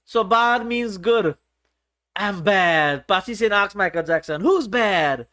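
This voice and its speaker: A man's voice: high-pitched, lively intonation, takes it slowly, pushed and bright. A man hosting a casual livestream, reading viewers' chat aloud in a playful, teasing way. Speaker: livestream host.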